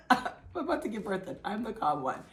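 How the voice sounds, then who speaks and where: A woman vlogger casually telling her own story in a chatty, animated way. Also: normal speed. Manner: chatty, animated, acts out others' lines in a high excited voice. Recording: echoey room with faint music.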